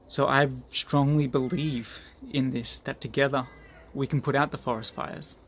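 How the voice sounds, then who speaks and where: A man's voice: mid-range voice, steady tone, normal speed, fairly bright tone. A man delivers an earnest motivational talk to the group he leads. His voice sits mid-range, and he repeats phrases to drive points home. Faint background noise runs underneath. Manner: earnest, repetitive for emphasis. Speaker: group leader.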